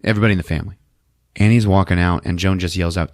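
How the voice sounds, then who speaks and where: A man hosting a podcast who recaps a movie in an animated, profane, casual way on a close mic. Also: deep voice, brisk, dry recording. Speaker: podcast host.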